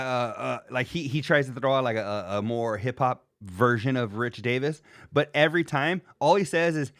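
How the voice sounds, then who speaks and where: A man's voice: mid-range voice, moderate pace, few pauses, a bit bright, no echo, clean studio sound. A man hosting a casual live reaction stream, rambling and joking with plenty of fillers. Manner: loose, rambling, jokey, lots of fillers.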